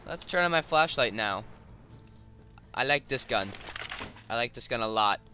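Man, casual gameplay commentary, chatty, easily startled, loud game music behind. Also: mid-range voice, expressive, normal speed. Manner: chatty, narrates his own moves, easily alarmed. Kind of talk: casual let's-play commentary. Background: game music and gunfire.

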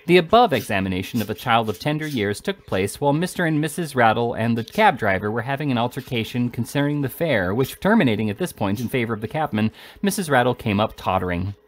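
A man reading a classic novel aloud in a steady voice, with occasional slips and restarts. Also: medium pitch, fast talker. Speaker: amateur audiobook reader.

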